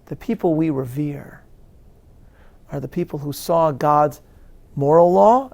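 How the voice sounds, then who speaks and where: This rabbi's voice is a little high and dark, with vocal fry. At a live interview he responds to questions in an earnest, measured lecturing manner, full of emphatic stresses and restarts.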